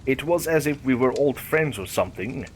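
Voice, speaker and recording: A man reading a first-person horror story aloud, in a measured storytelling manner. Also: mid-range voice, expressive, slight background noise. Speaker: narrator. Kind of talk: scripted horror story narration.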